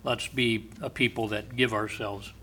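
Bright-voiced male pastor preaching. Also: steady tone, slight background noise. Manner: unhurried storyteller, often dropping to a soft, low voice. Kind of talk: sermon.

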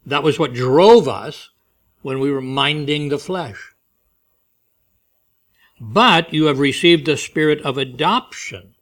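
Emphatic male preacher. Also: a little high. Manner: emphatic, slows and rises on key phrases, drops soft for stories. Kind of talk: sermon.

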